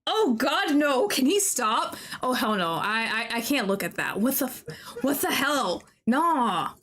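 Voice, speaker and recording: A young woman streaming a game at her desk mic, chatty and thinking out loud, reading game lines aloud and reacting loudly with disgust. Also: fairly high pitch, sing-song, measured pace, a little hiss or hum. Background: game background music.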